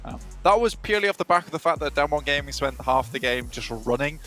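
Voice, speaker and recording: A man casting an esports match in a measured, chatty way, with many ums and uhs. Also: a little high, animated, sharp tone, soft background music. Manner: measured, conversational, with fillers. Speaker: caster. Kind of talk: esports play-by-play commentary.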